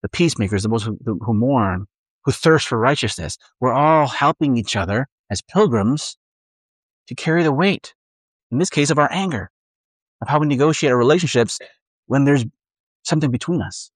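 A man's voice: medium pitch, expressive, normal speed, breathy edge, no echo, low-quality recording. A man preaching a sermon as pastor in a conversational way, often acting out inner voices and restarting his phrases.

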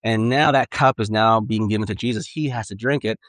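A man's voice: on the low side, brisk, a bit bright, no room sound. A man preaching a sermon in an earnest, conversational way, often repeating and restarting phrases. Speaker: pastor.

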